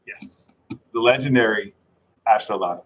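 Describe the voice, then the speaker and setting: A British man hosting a livestream, bantering in a jokey, boastful way and freestyling rhymes with a steady rhythm. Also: on the low side, normal speed, low-quality recording. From United Kingdom. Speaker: livestream astrology host. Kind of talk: playful freestyle rapping and banter. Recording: music playing clearly behind the voice. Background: music.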